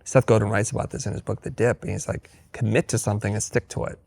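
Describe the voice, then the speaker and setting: A man talking as a guest in a candid interview, an animated storyteller who acts out dialogue with blunt, wry humor. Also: lowish voice, quick pace, gravelly, breathy edge. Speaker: podcast guest.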